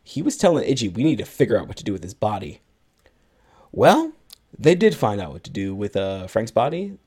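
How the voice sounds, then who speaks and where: A man's voice: fairly low pitch, very animated, brisk, darkish tone, slightly rough. A man co-hosting a podcast, retelling a film's plot at length and acting out bits of its dialogue in casual chat. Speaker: podcast co-host. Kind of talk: casual movie recap chat.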